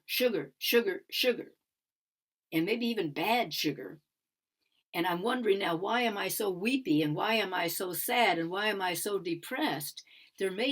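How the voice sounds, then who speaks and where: Speaking in a mid-range, slightly rough voice, an older woman gives a reflective conference talk on sound healing. She circles back to the same phrases and sometimes lets her voice fall to a whisper.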